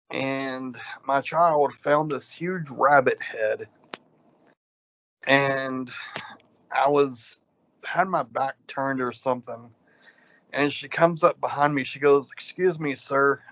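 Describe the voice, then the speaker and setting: This medium-pitched podcast co-host talks slowly and pauses often, rambling animatedly through stories and rants with plenty of ums. The lo-fi audio is dull and has no echo.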